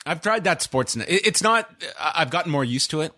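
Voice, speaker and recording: A man's voice: fairly high pitch, lively intonation, fairly quick, sharp tone, no room sound. A man hosting a casual podcast, rambling with dry sarcasm. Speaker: podcast host.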